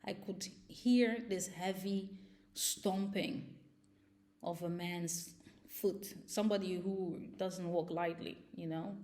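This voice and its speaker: A woman's voice: fairly low pitch, fairly even intonation, slow pace, dark tone. A young woman vlogger telling a personal story in a casual, agitated and emotional way.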